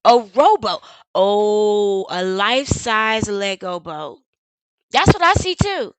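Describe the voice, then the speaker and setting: A woman's voice: mid-range voice, big pitch swings, slow, clean tone, no echo, rough recording. A woman streamer giving sarcastic live commentary on a news clip, firing off blunt rhetorical questions and the odd swear word.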